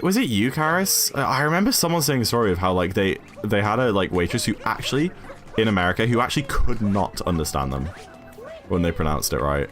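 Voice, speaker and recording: A British man with a fairly low voice chats and rambles to his stream while gaming, laughing often. His pitch swings widely and animatedly as he talks. Faint game music plays behind him. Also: fairly bright tone. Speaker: speedrun streamer. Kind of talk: casual chat while gaming.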